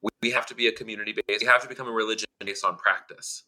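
Blunt, swearing male co-host with a sharp, very bright tone. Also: fairly low pitch, steady tone, racing. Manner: blunt and emphatic, swears freely. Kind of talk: casual chat.

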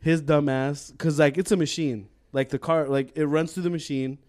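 A young man casually telling a profane, animated work story on a podcast, laughing as he goes. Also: on the high side, moderate pace. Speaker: podcast co-host.

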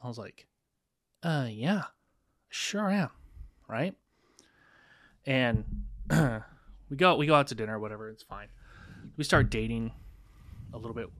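A man's voice: medium pitch, a bit bright, no room sound, studio quality. A man co-hosting a podcast, telling a dating story casually and acting out both sides of the dialogue, with some swearing. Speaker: podcast co-host.

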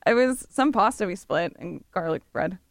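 A woman's voice: mid-range voice, lively intonation, moderate pace, dry recording, studio quality. A woman on a radio show telling a story in casual chat, giggling often.

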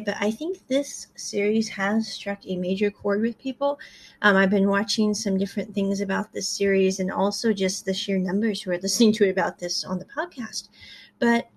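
A woman's voice: mid-range voice, slightly rough. A woman hosting a podcast, casually recapping a drama series with rambling, self-correcting asides.

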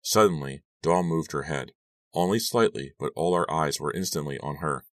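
A man narrating a first-person audiobook in a steady, even storytelling manner. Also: very deep voice, normal speed, no room sound, clean studio sound, distant mic.

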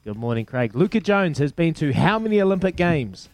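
A man's voice: a little high, very animated, a little fast, darkish tone, dry recording, soft background music. A man with a New Zealand accent hosting a radio call-in quiz, upbeat and bantering as he counts down the answers. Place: radio studio.

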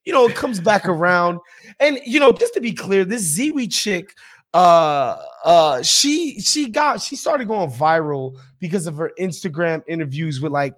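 A man's voice: sits high, normal speed. A man co-hosting a podcast, ranting emphatically and casually with frequent swearing. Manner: profane, emphatic, animated ranting. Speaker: podcast co-host.

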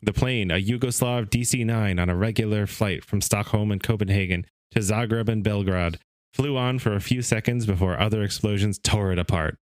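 A man's voice: lowish voice, normal speed, no room sound. A man hosting a casual podcast, reading a story aloud and sometimes stumbling on a word. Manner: reads steadily, stumbles on some words then laughs it off. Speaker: podcast host reading stories.

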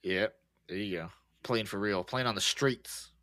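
A man co-hosting a podcast, chatting casually and relaxed about a movie, swearing easily and restarting his sentences. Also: lowish voice, a little slow, no room sound. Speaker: podcast co-host. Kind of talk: casual movie-recap chat.

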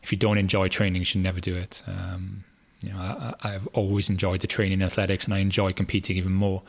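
A British man, a former athlete, answering interview questions in a relaxed way, thinking aloud with fillers and restarts. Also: low-pitched, fast, gravelly. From Britain. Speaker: guest, former hurdler. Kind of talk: casual podcast interview.

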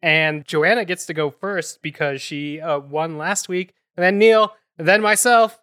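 Male host, moderating, brisk and wry, bright voice. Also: a little high, smooth. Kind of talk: hosting a debate, casual chat.

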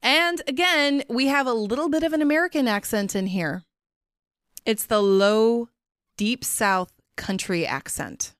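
A woman hosting a podcast in casual chat, animated and blunt, swearing freely. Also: on the high side, a little slow, dry recording, clean studio sound. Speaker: podcast host.

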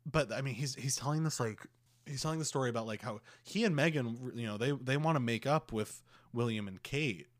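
Young man, podcast co-host, casual rambling chat, mid-pitched voice. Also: fairly quick. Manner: rambling, heavy use of "like".

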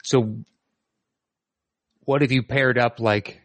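A man's voice: medium pitch, fairly even intonation, takes it slowly, dry recording. A middle-aged man co-hosting a podcast in casual chat, thinking aloud with hesitant ums and likes. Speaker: podcast co-host.

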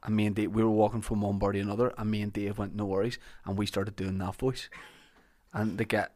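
A man's voice: fairly low pitch, level tone, fast talker, darkish tone. A Northern Irish man hosting a podcast, chatting casually and telling rambling anecdotes with frequent laughs. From Northern Ireland. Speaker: podcast host. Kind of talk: casual chat.

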